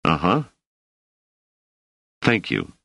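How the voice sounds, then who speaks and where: Brief: man voicing a deep-voiced, dryly exasperated scholar for an audiobook, close and dry. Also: huge pitch swings, extremely slow, creaky, pushed and bright, husky, dry recording, full character voice. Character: wary male scholar, a guest in a strange place.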